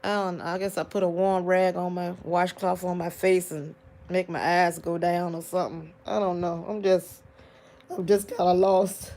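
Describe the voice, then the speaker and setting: A grieving woman hosting a live chat with her viewers, tearful and soft-spoken, often sighing and drawing out her exclamations. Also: fairly low pitch, little pitch movement, moderate pace. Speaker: livestream host talking to viewers.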